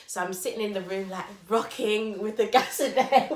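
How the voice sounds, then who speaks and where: A woman's voice: medium pitch, normal speed. A young woman, casually telling a story on a podcast, acting out quotes and laughing. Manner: animated, acts out quotes loudly and laughs. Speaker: podcast co-host. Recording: roomy echo.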